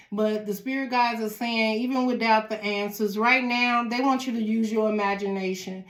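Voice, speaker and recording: Chatty woman reading tarot, echoey room. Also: on the high side. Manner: chatty, laughs often, talks straight to the viewer. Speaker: tarot reader. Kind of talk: casual tarot reading to viewers.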